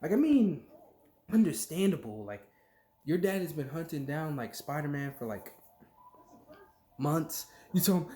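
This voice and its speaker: Brief: animated casual vlogger who rambles and jumps between thoughts, voice swooping up and down. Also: medium pitch. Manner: filler-heavy, lots of "like", jumps between thoughts; acts out quick quoted voices mid-story. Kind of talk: casual rambling rant to camera.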